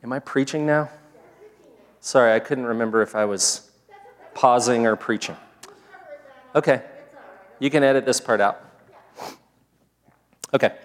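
A man preaching a sermon, opening with a prayer, talking in a measured, earnest way that builds each point in short phrases. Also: medium pitch. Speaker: pastor. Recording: long reverb of a large hall.

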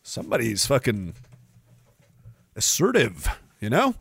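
A man's voice: medium pitch, huge pitch swings, unhurried, vocal fry, fairly bright tone, breathy edge, no echo. A man hosting a livestream podcast, ranting sarcastically with a lot of swearing and frequent laughs. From Canada. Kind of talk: profane ranting chat with viewers.

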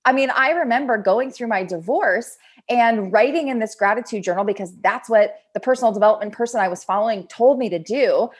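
A woman's voice: a little high, a little fast, slightly rough. A woman in her thirties hosting a casual motivational monologue on personal growth, who acts out her own inner voice. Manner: animated, acts out quoted self-talk. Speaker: podcast host, personal development.

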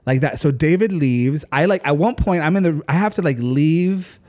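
A man on a podcast telling a story in a casual, animated way, full of "like" and casual swearing. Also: fairly high pitch, moderate pace. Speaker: podcast co-host.

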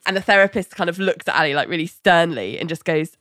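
A woman's voice: fairly low pitch, fast talker, hardly any pauses, a bit bright, no echo, clean studio sound. A woman co-hosting a podcast, chattily recapping a TV episode with a lot of "like" and some giggling. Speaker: podcast co-host.

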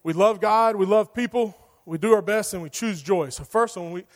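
A man preaches to young people, loose and joking, leaning on filler words. His voice sits high for a man, and a long reverb from the church hall trails behind every line. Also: moderate pace. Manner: casual, joking, lots of "like". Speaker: youth pastor. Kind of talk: sermon.

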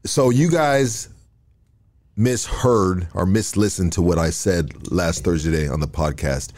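Deep-ish voiced podcast host dude, chill, asks questions kinda loosely. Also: male voice, slow. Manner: relaxed, asks follow-up questions, some hesitation. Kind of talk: casual interview.

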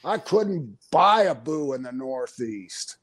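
A man's voice: medium pitch, sing-song, slow. An older man, a former pro wrestler, telling stories in a casual interview. He talks animatedly, laughs often and acts out the things people said.

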